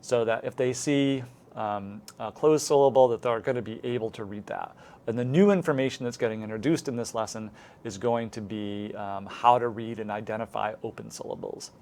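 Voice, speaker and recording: A man's voice: lowish voice, moderate pace, darkish tone, a little hiss or hum. A man instructor talking through a lesson plan step by step, modeling the wording a teacher would use. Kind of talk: recorded lecture walkthrough.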